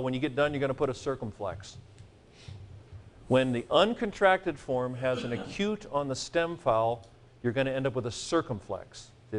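A man's voice: mid-range voice, slight background noise. A man teaching a seminary Greek grammar class, joking and chanting mnemonics for his students. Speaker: Greek professor.

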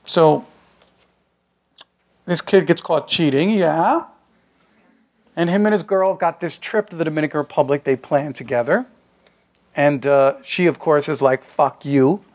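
A man reads his own fiction aloud in a loose, conversational first-person voice. The delivery is streetwise and unpolished, like someone talking to his friends. His voice sits a touch high for a man. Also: measured pace, long pauses, a little mellow. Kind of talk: live reading of a short story.

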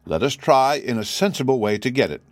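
A man voicing a calm, blunt army general who speaks in a steady, dry manner. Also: medium pitch, brisk, no echo, natural voice.

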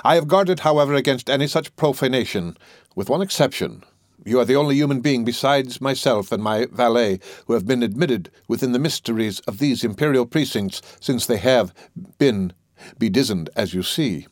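A man's voice: medium pitch, animated, normal speed, no room sound, studio quality, close to an everyday voice. A man doing a flamboyant, eccentric rich host. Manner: flamboyant, laughing, musing. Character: eccentric wealthy male host, theatrical and mercurial.

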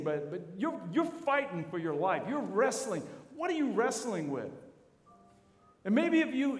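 A man, a university chaplain, preaching a sermon with animated storytelling, acting out the voices of the people in his story. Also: high voice. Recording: echoey hall.

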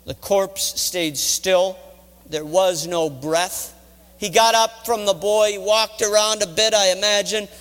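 A man's voice: high voice, fairly even intonation, takes it slowly, a bit bright. A middle-aged man, a college chaplain, retelling a Bible story in a dramatic sermon. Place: college chapel. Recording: reverberant chapel hall.

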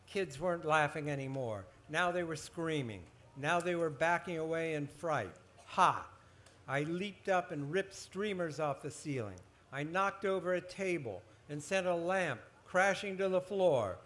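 A man, a children's author, reading his own horror story aloud at a book festival, expressive and building suspense. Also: fairly high pitch, moderate pace, hardly any pauses.

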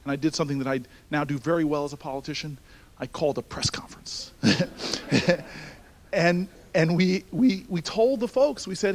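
A man telling a personal story in a speech, animated and building to shouts, then turning hushed and earnest. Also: a little high, moderate pace. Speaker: speaker addressing a university audience.

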